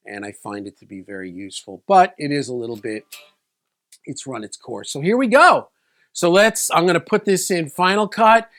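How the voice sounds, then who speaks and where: A man's voice: a little high, fairly bright tone. A man in a casual vlog, telling a personal story in a loose, rambling way with many restarts. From South Florida. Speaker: video creator.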